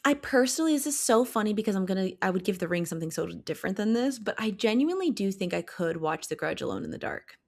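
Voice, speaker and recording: A woman's voice: medium pitch, lively intonation, fast, creaky, few pauses, a little mellow. A young woman co-hosting a podcast, chatting casually and hedging a lot as she talks. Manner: chatty, hedging, frequent "like" and "I don't know". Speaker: podcast co-host. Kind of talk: casual chat.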